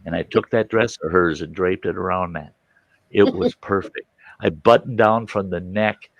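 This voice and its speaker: Host, male, gravelly low voice, animated storyteller who does the family voices, dry close sound. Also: moderate pace, no room sound, dull audio. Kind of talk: casual storytelling.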